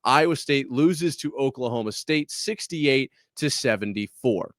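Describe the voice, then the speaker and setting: A man's voice: medium pitch, expressive, a little slow, a bit bright, dry recording. Male podcast host, casual and exasperated, dry mic. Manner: candid, exasperated, self-deprecating. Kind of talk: casual sports podcast talk.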